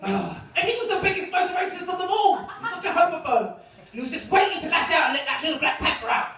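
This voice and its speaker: A woman delivers a stand-up set with a brash, mocking, punchy edge, her voice sitting high. The sound is echoey, caught from well back in a comedy club, with the room ringing around her. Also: sing-song, fairly quick, a bit bright. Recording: echoey club recorded from far off. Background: audience laughter.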